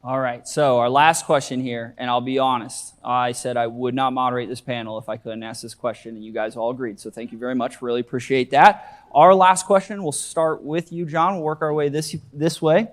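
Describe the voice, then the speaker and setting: A man moderating a panel discussion in a friendly, brisk way. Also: mid-range voice, fairly even intonation.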